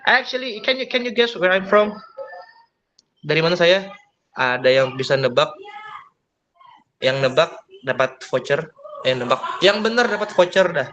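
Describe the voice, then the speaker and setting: A man's voice: high voice, sing-song, moderate pace, pauses often, a bit bright, highs cut off, a little hiss or hum. A young man from Indonesia with an Indonesian accent, teaching an English class over a video call in a joking, chatty way and mixing languages freely. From Central Kalimantan, Indonesia. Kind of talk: online class, casual teaching.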